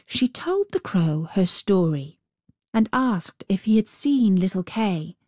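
A woman reading a fairy tale aloud in a gentle, unhurried and expressive way. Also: mid-range voice, dry recording, studio quality. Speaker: storyteller.

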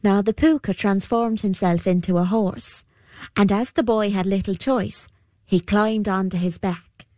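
A woman telling an old folk tale in an unhurried, measured storybook voice. Her pitch sits in a middle range, and the recording is dry and close. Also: fairly even intonation, darkish tone, dry recording. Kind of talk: scripted narration of a folk tale.

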